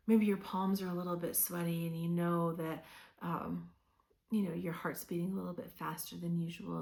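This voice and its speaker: A tarot reader gives a casual reading in a loose, conversational style with many fillers, coaching and encouraging the listener. Her voice is fairly low, gravelly, and a little mellow.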